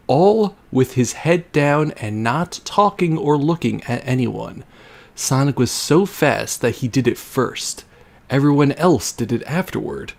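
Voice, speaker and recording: With a medium-pitched, creaky, slightly mellow voice, a young man reads a fan story on a charity livestream. It's done for comedy, and he often laughs and drops wry asides.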